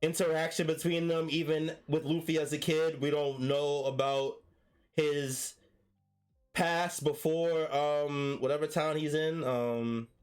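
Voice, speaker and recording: A man co-hosting a podcast, recapping a chapter in a relaxed casual way and laughing often. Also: a little high, unhurried, clean tone, soft background music.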